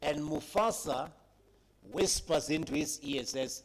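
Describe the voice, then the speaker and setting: Brief: male conference speaker, dramatic storyteller, high lively pitch, husky tone. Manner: dramatic retelling with emphatic pauses, addressing young people. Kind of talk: public speech, storytelling.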